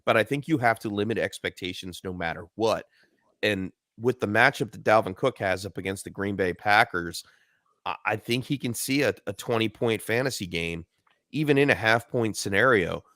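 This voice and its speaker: Upbeat fantasy football co-host, dry sound. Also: male voice, lowish voice, normal speed, fairly bright tone, no room sound. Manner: upbeat, reads listener questions aloud. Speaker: podcast co-host. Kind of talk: live fantasy football advice show.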